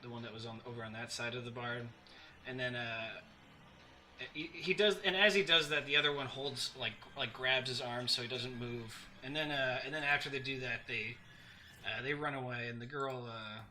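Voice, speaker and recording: A man narrating a tabletop game as game master, halting and full of restarts. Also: medium pitch, steady tone, bright, forceful tone, slight background noise. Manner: halting, many fillers and restarts.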